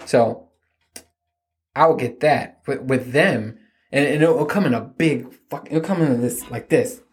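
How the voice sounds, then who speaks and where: A man's voice: medium pitch, unhurried. Rambling, self-mocking man podcaster. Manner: rambling, self-mocking, profane, laughs often. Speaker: podcast host. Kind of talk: casual comedic storytelling.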